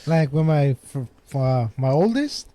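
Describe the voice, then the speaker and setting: Mellow, hesitant man. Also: a little high, a little slow. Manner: relaxed, hesitant, with fillers. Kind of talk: casual chat.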